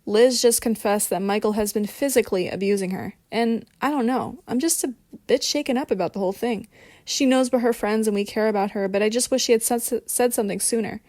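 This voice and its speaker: A woman reading the part of a worried female party hostess, speaking quietly and confidingly. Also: on the high side, a little fast, no echo, close to an everyday voice. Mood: troubled.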